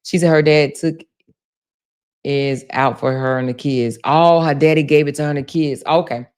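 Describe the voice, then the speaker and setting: A woman hosting a casual livestream, reading viewer comments aloud and laughing, teasing and swearing freely as she talks straight to her viewers. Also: moderate pace. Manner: animated, swinging between loud exclaims and low asides. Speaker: blogger and livestream host.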